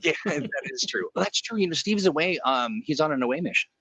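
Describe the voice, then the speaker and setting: A man's voice: a little high, expressive, brisk, pushed and bright, breathy edge, dry recording, low-quality recording. A man co-hosting a livestream chat show, joking and reading chat messages aloud. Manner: jokey, reads chat aloud. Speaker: co-host. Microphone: remote call.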